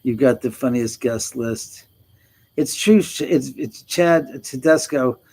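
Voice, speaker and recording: A middle-aged man hosts a casual livestream and chats loosely with his viewers. His voice sits at an ordinary middle pitch. He laughs easily and swears freely as he talks. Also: slow, darkish tone, husky, rough recording. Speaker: livestream host. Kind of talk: casual livestream chat reading comments.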